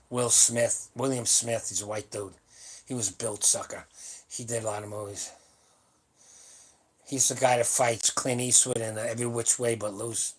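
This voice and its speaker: A man's voice: lowish voice, fairly bright tone, husky. A man in his seventies, host of a live stream, talking casually in a blunt, rambling and salty way. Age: 70s. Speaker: powerlifting channel host. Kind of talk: casual livestream chat. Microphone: webcam or phone on a live stream.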